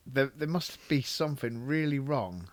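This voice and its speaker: A man's voice: medium pitch, no room sound. A middle-aged man hosting a podcast. He is easygoing, chuckles often and asks blunt questions. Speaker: podcast host. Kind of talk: casual interview.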